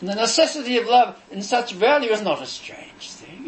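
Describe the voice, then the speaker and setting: A male preacher delivering a sermon with a high, very lively voice that swoops up and down. He is emphatic and declamatory, hammering phrases through repetition and measured pauses. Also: low-quality recording. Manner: emphatic, says so himself, repeats phrases for stress.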